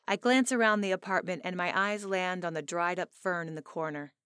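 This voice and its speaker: A woman narrating a first-person romance audiobook in an expressive, emotional way, on a close studio mic. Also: fairly low pitch, brisk, clear, resonant tone, no echo.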